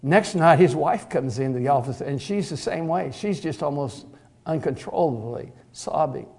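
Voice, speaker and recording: A man's voice: on the high side, lively intonation, moderate pace, darkish tone. A middle-aged male preacher telling a long story in a sermon, folksy and conversational, with many fillers and repeated "he said".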